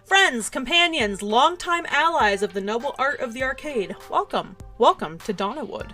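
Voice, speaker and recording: A woman's voice: high-pitched, animated, moderate pace, pushed and bright, faint music behind. A woman reading aloud the lines of a pompous, courtly male arcade collector in a mock-grand, formal way.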